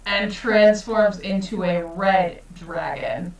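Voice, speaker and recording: A woman's voice: mid-range voice, slow pace, roomy sound, distant mic, low-quality recording. A woman running a tabletop game as game master, describing scenes in a laid-back way.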